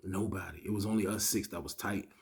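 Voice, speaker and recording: A man casually telling a story to his viewers, in heavy slang, acting out what people said with loud bursts and sudden whispers. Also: sits low, fast talker. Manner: animated, acts out dialogue with loud bursts and whispers; slangy, frequent "you know what I mean". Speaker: storytime vlogger.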